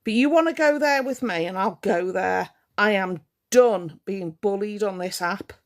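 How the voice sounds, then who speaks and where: A woman's voice: medium pitch, a little slow. A woman ranting on a live stream to her viewers, indignant and confrontational, hammering her points home by repeating them.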